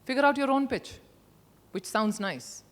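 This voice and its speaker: A woman's voice: high-pitched, unhurried. A middle-aged woman leads an interactive workshop talk, leaning hard on certain words and shaping her voice to show what she means. Her voice rings out through a large conference hall with a long reverb. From India. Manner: expressive, emphatic, demonstrates with her voice. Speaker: conference speaker.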